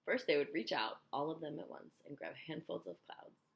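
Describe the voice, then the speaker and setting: A woman reading a children's book aloud, telling it in an expressive, animated way. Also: sits low, normal speed, vocal fry. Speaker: storyteller.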